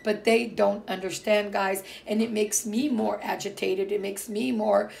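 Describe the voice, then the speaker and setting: A woman's voice: medium pitch, fairly even intonation, a little slow, gravelly, darkish tone, a little hiss or hum. A middle-aged woman from Portugal chatting casually to her viewers, rambling and emphatic with many fillers and restarts. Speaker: vlogger. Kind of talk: casual personal talk to viewers.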